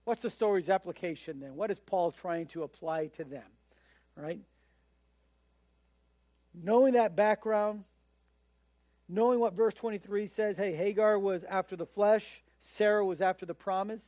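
A man's voice: high-pitched, measured pace, pauses often, a little mellow, dry recording. A man preaching a sermon in a conversational way, often acting out the voices of the people he quotes. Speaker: pastor.

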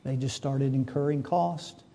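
A man's voice: mid-range voice, steady tone, measured pace, gravelly, mellow, slight background noise. A man preaching a sermon, reading scripture and building to fervent emphasis. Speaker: pastor.

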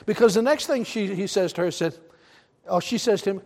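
A man's voice: high-pitched, a little fast, darkish tone. A man with a Southern US accent preaching a sermon, emphatic, counting off his points and asking the congregation questions. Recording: long reverb of a large hall.

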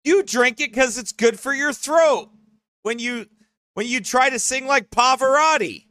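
A man teasing a friend in casual, joking banter, playful and animated. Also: very high-pitched, measured pace, no room sound, studio quality.

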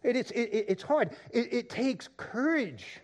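His sermon runs a little slow: this pastor shifts between loud excitement and soft, low emphasis, building each point through repeated words.

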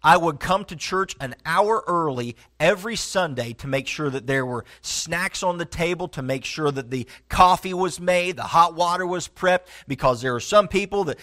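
A middle-aged pastor delivers a sermon in a fairly high voice. He speaks earnestly, with frequent halting restarts. He sinks low and soft on his key points. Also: lively intonation.

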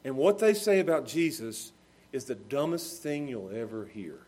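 A man's voice: medium pitch, very animated, moderate pace, darkish tone. A man preaching a sermon with emphatic delivery, rising and falling in volume, sometimes laughing at his own examples. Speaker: pastor.

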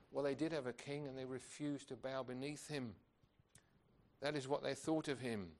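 Man preaching a sermon, earnest, keeps asking the room questions, middle pitch. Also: steady tone, normal speed. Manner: earnest, emphatic, with rhetorical questions.

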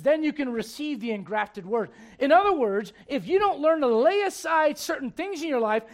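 A male preacher delivering a rousing sermon to a congregation, often putting questions to them. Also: very high voice. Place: church before a congregation.

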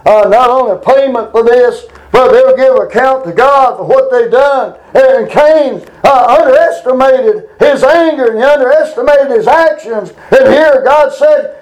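A man's voice: very high voice, moderate pace, few pauses, darkish tone, roomy sound, poor audio. A man preaching a plainspoken Bible sermon, reading scripture aloud and adding folksy asides.

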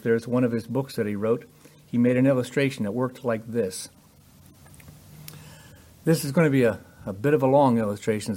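A man preaching a sermon with emphatic delivery that rises in pitch and volume on key points. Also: a little mellow.

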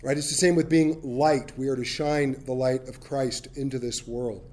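A man's voice: mid-range voice, fairly even intonation, moderate pace, a little mellow. A middle-aged man preaching a sermon, telling a Bible story with humor and acting out voices. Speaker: pastor.

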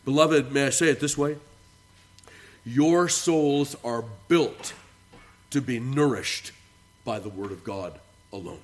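A man preaching a sermon with earnest emphasis, his voice rising on key words and falling quiet at the ends of phrases, and reading scripture in a declaiming tone. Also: mid-range voice, takes it slowly, long pauses. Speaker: pastor.

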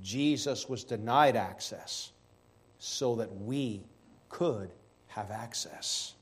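A man preaching a sermon, stressing key words slowly and asking rhetorical questions. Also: on the low side.

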